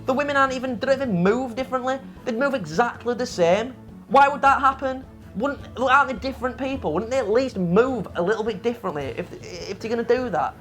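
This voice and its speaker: A woman's voice: a little high, fast talker, faint music behind. A woman co-hosting a game review show, ranting about a game in casual, profane, exasperated chat.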